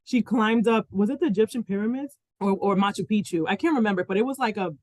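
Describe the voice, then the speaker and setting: A woman's voice: medium pitch, quick pace, darkish tone, dry recording. A woman from the Dominican Republic co-hosting a casual podcast chat, rambling with many restarts and "like" fillers. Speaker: podcast co-host.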